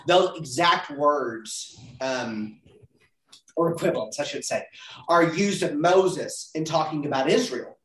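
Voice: medium pitch, expressive, slow pace. A Bible study leader teaching a group, earnest, posing questions and building to emphatic peaks. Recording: roomy sound from a distance.

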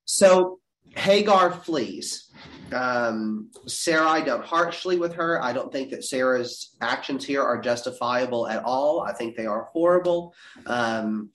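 Animated man teaching Bible class. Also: slow pace. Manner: animated, dramatic scripture reading with big pitch leaps. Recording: roomy echo.

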